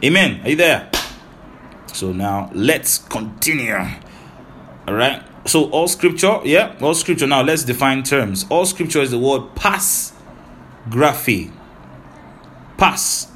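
Man preaching verse by verse, rapid and lively, faint noise behind. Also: mid-range voice. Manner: rapid, animated, with frequent "right?" and "hallelujah". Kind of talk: Bible teaching sermon.

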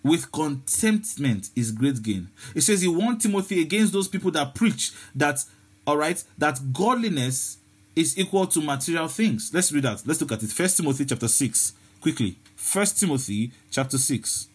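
Husky-voiced man preaching with many restarts. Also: fairly high pitch, animated, moderate pace. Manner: repeats words, many restarts and fillers. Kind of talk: sermon.

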